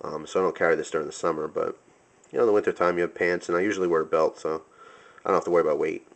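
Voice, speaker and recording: Young male reviewer with a very low voice, loose and rambling, full of ums and restarts. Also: fairly even intonation, rapid-fire, vocal fry. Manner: rambling, many fillers and self-corrections. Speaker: knife reviewer. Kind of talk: casual product review.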